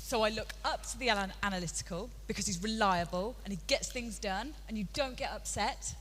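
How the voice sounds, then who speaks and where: A woman's voice: mid-range voice, brisk, fairly bright tone, lightly acted. A woman playing a meek, agreeable office worker. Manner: modest, mild. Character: meek, agreeable woman who likes everyone. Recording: reverberant hall, faint noise.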